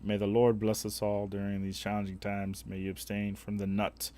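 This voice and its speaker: A man's voice: fairly low pitch, monotone, normal speed, dark tone, lightly acted. A man putting on a mock-pious preacher with an accent. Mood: mock solemn. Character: solemn male preacher giving a blessing.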